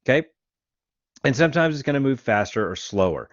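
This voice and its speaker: A man teaching a music class, counting beats out loud and showing rhythms on guitar. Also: mid-range voice, big pitch swings, brisk, no echo, highs cut off. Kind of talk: lecture.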